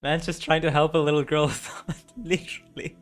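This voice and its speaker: A man streaming a game, reading its dialogue aloud and reacting with excitable, rambling restarts. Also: a little high, moderate pace, soft background music.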